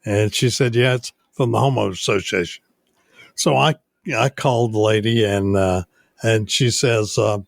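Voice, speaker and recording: An older man, a radio station owner, telling stories unhurriedly in a casual interview, with many pauses. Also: lowish voice, fairly even intonation, gravelly, no echo, clean studio sound. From United States.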